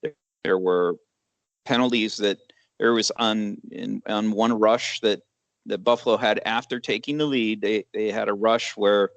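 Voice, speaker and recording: A low-voiced man picks apart a hockey game in casual sports talk. He speaks in a measured, hesitant way, full of fillers. The recording is dry and close. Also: steady tone, no echo, highs cut off. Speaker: sports podcast co-host.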